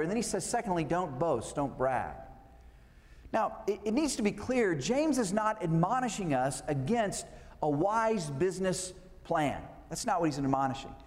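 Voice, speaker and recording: A man's voice: high-pitched, darkish tone, in a large hall. A pastor preaching a conversational sermon, asking his listeners rhetorical questions.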